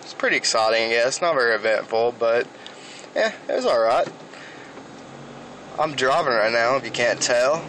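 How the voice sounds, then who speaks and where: A man's voice: medium pitch, animated, moderate pace, long pauses, poor audio. A young man from Alabama with a Southern accent, rambling through a profane story while driving. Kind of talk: casual vlog storytelling. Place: inside a moving car. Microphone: phone camera. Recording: phone video with loud car noise. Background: car and road noise.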